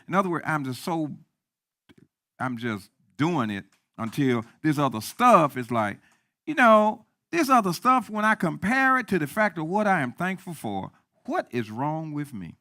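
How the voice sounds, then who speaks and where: A man preaching a sermon as pastor, repeating key lines and swinging from quiet talk to loud emphasis. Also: a little high, sing-song, moderate pace, no echo, clean studio sound.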